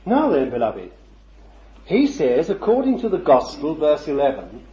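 A man preaches a sermon in a fairly high voice that leaps up and down with feeling. He keeps it conversational, throwing rhetorical questions at the congregation and chuckling along the way. The recording is dull and lo-fi, with a roomy echo. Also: wildly swooping pitch, measured pace, dark tone.

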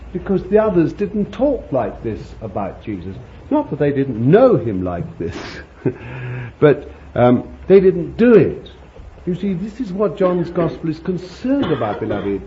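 Chuckling preacher man, rambling and animated. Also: medium pitch. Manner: rambling, chuckling, fond asides. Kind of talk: conversational sermon. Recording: dull lo-fi recording with faint hiss.

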